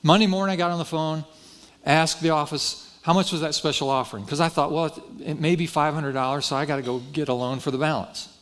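A pastor preaching a sermon, telling a story in a folksy, self-deprecating way and acting out the dialogue. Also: male voice, fairly high pitch, fairly even intonation, a little fast, a bit bright.

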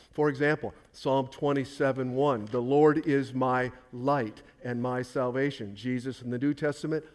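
Man, pastor preaching a sermon, emphatic, repeats phrases, mid-pitched voice. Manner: asks questions and answers them himself.

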